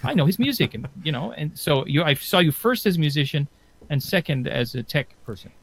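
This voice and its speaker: A man's voice: on the high side, expressive, brisk. Rambling man on a podcast. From Newfoundland and Labrador, Canada. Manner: rambling, friendly, lots of "you know". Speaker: podcast co-host. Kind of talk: casual chat.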